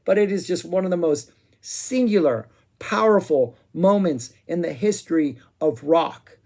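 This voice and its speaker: Excitable rambling man reviewing music. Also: a little high, a little slow. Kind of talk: casual spoken review.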